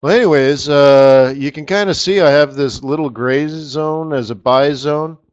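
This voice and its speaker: A man hosting a live trading webinar, walking viewers through charts in an excitable, slangy, chatty way. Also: fairly high pitch, a little slow. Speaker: forex trading webinar host. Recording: slightly dull lo-fi audio.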